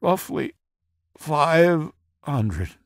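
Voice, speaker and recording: A man voicing a terrified, tortured captive who begs in high, strained cries. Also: sing-song, extremely slow, vocal fry, no echo, studio quality, full character voice. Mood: exhausted. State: sobbing in pain.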